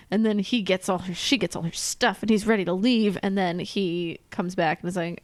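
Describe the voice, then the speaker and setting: A woman's voice: medium pitch, no echo. A woman co-hosting a podcast, chatting and recapping a film, acting out the characters' lines with lots of laughter. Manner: animated, acts out lines in quick voices, laughs often. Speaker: podcast co-host. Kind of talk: casual chat recapping a film.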